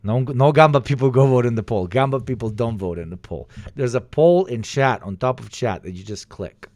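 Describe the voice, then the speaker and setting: A man hosting a livestream in casual chat, excitable and swearing, pleading loudly with his viewers. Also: mid-range voice, normal speed, dry recording, clean studio sound. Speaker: livestream host.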